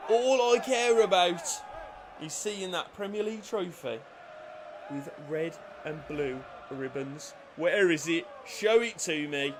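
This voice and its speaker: A man commentating his football video game career with loud outbursts and cheeky banter. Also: fairly high pitch, unhurried, crowd noise, noisy background. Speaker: gaming YouTuber.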